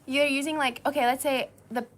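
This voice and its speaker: A woman's voice: sits high, fairly even intonation, a little fast, fairly bright tone. A woman hosting a casual chat, chatty and full of questions, laughing often. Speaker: host.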